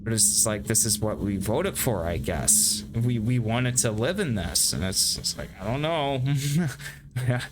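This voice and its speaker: Against a noisy background, this streamer chats his way through gameplay in an unhurried, mid-range voice with lively intonation. His commentary wanders, is full of swearing, and often turns the joke on himself.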